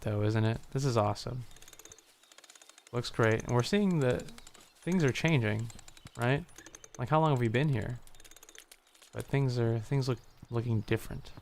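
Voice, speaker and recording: Gravelly man streaming a game. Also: mid-range voice. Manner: relaxed, musing, reads game lines in a vague Southern accent. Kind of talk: casual let's-play commentary and reading dialogue aloud.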